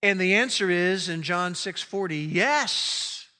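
Male pastor, high bright voice, slow emphatic sermon delivery, long hall reverb. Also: animated. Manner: emphatic preaching with slow, drawn-out key phrases.

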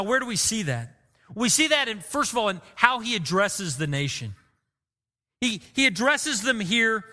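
Bright high-voiced man preaching earnestly. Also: big-room sound. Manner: earnest, emotive preaching with repeated phrases. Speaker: pastor. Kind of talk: sermon.

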